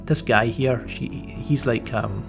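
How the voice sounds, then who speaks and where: A man's voice: medium pitch, takes it slowly, gravelly, over music. A man giving a casual spoken movie review, rambling with many fillers and restarts and a wry, mildly sarcastic edge. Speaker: film reviewer.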